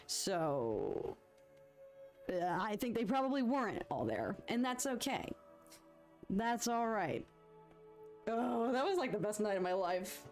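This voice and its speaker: A young woman with a light Detroit accent rambles through stories on a casual live stream, giggling often as she draws. Her pitch sits in the middle, and soft music plays quietly behind her. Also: sing-song, slow pace, long pauses. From United States. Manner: chatty, giggly, rambling storyteller. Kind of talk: casual chat while drawing.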